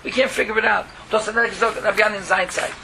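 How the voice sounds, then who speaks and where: A man's voice: high voice, racing, creaky. A man teaching a Torah lesson as a rabbi, telling stories, mixing in words and leaping up in exclamations. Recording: steady background hiss.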